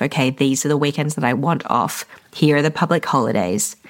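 A woman, a wedding photographer hosting a solo podcast, talking reflectively and encouragingly to fellow vendors. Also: deep voice. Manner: reflective, encouraging, a little emotional at times.

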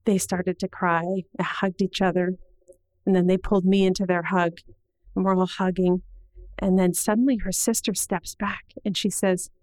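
A middle-aged woman telling a personal story to an audience in an earnest, measured way, slowing down at the heavy moments. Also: fairly low pitch, level tone, a little mellow, dry recording, poor audio.

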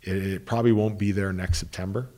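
A man's voice: low voice, steady tone, quick pace, mellow. A man, a hockey coach, telling long anecdotes in an interview, restarting sentences and quoting people he worked with. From Canada. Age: 30s. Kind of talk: interview storytelling.

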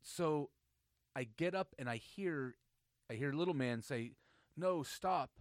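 A man telling a long story in casual podcast banter, animated and teasing, with frequent restarts. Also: mid-range voice, unhurried, no echo, clean studio sound. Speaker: podcast host.

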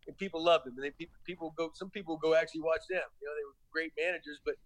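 A middle-aged man with a gentle Southern accent, a former baseball manager telling stories as a podcast guest, rambling with lots of restarts and "you know.". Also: a little high, fairly even intonation, very fast, low-quality recording. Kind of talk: casual interview talk.

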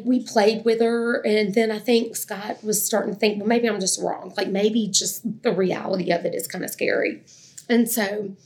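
A middle-aged woman recounts her own story with earnest candor. Her voice is gravelly and sits at an ordinary pitch. She often quotes other people's words as she talks. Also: a little mellow. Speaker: guest telling her adoption story. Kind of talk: emotional personal storytelling.

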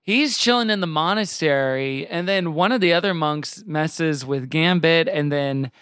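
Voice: medium pitch, unhurried, a bit bright, smooth, dry recording, clean studio sound. A podcast host in casual chat, recapping an episode with frequent laughs. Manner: chatty, laughing while recapping.

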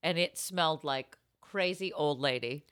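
On a comedy podcast, a female co-host jokes around and delivers playful plugs in flashy announcer bursts, with an animated, playful manner. Her voice is low-pitched and measured in pace. The studio-quality recording has no echo.

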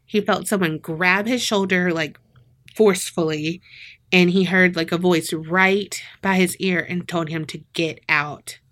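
A woman's voice: lowish voice, fairly even intonation, measured pace, fairly bright tone. A woman with a Southern American accent co-hosts a podcast and tells a crime story in casual chat. She laughs often and slips into voices to act out what people said. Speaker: podcast co-host.

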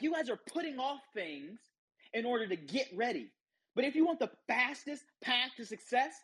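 A man giving an emphatic motivational talk, storytelling to make a point, with a husky voice. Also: extremely high pitch, a bit bright. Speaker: motivational speaker. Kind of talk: motivational preaching.

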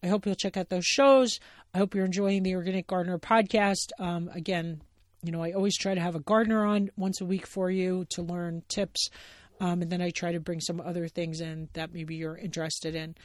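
A woman's voice: lowish voice, fairly even intonation, fairly quick, no room sound. A woman hosting her own podcast, talking alone in a rambling, enthusiastic way with many fillers and restarts. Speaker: podcast host. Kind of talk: casual solo podcast talk.

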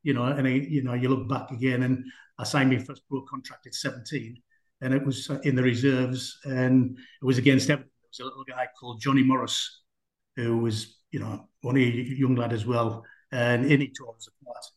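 Chatty ex-footballer, roomy sound. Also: male voice, mid-range voice, level tone, fairly quick. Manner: chatty, rambling, with many fillers. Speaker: former footballer guest. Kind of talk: anecdotal storytelling in a conversation. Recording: roomy echo.

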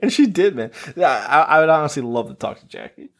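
A man's voice: a little high, lively intonation, fast talker, a bit bright. Laid-back man, casual podcast chat. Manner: short agreeing replies, laughing, casual swearing. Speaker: podcast co-host.

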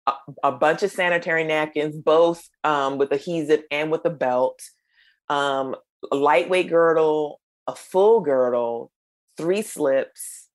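A middle-aged woman from the United States, a podcast guest, telling stories in an animated way and acting out the voices of people she quotes. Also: deep voice, slow. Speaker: guest, creator of a menopause storytelling project. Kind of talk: storytelling in a podcast conversation.

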